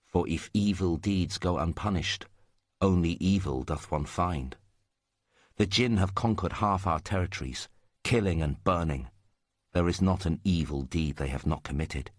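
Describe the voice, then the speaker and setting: A man voicing an old wandering storyteller, deep and declaiming. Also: no room sound, studio quality. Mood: moralizing. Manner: declaiming, half-sung sayings. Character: old male wandering storyteller, earnest, sorrowful.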